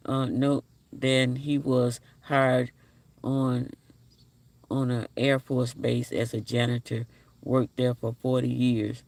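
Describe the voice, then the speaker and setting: A man in his forties hosting a casual livestream, reading viewer comments aloud and repeating his phrases, sounding low on energy. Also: flat delivery, takes it slowly, gravelly, darkish tone, no room sound. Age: 40s. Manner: repeats his phrases, talks straight to the chat. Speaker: livestream host.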